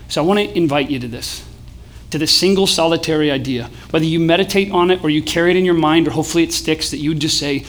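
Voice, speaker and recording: In an event hall before a live audience, this young pastor preaches with a slightly high, fast voice. His delivery is loose and humorous, with call-and-response chants that build into shouts.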